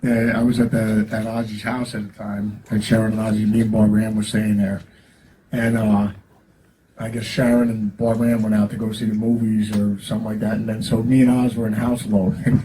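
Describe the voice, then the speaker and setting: Mellow-voiced man rambling stories. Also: fairly low pitch, level tone, brisk, slight background noise, low-quality recording. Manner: rambling, laughing, full of fillers. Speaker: guest musician at a Q&A. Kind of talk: casual storytelling to an audience. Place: record store event.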